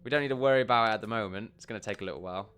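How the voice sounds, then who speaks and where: A man's voice: lowish voice, rapid-fire, fairly bright tone. A man giving chatty, rambling let's play commentary at a desk mic, tossing in jokey asides. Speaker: gameplay commentator.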